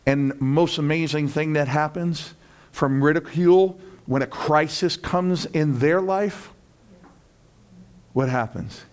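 A male pastor preaching a sermon in an animated way, acting out the voices of friends and building to loud peaks. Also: fairly high pitch, measured pace.

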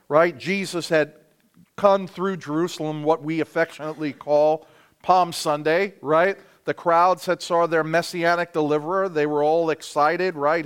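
Smooth-voiced male pastor preaching conversationally. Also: a little high. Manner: conversational, repeats "right?" to the congregation; self-correcting, with fillers. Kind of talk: expository sermon.

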